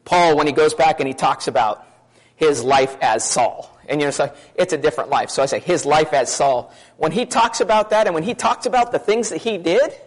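A man preaching a sermon to his congregation, talking fast in a conversational way and asking many questions. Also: fairly high pitch, low-quality recording.

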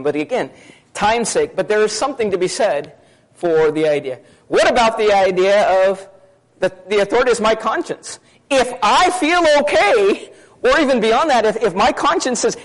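A man preaching a sermon to his congregation, talking fast in a conversational way and asking many questions. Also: sits high, low-quality recording.

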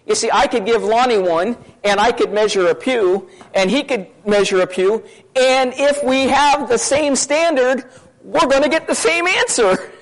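A man preaching a sermon to his congregation, talking fast in a conversational way and asking many questions. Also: extremely high pitch, poor audio.

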